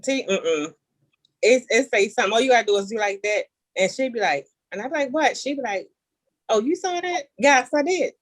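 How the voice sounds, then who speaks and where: A woman hosting a casual talk show, animated and playful, reading definitions aloud and teasing her guests. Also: a little high, a little fast, dry recording. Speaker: show host. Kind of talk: casual chat.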